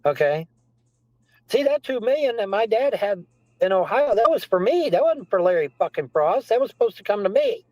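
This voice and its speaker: A man's voice: sits high, very animated, moderate pace, a little mellow, no echo, dull audio. A man ranting as a guest, repeating himself insistently and swearing often. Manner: rambling, repetitive, profane, insistent. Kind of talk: heated phone-in rant.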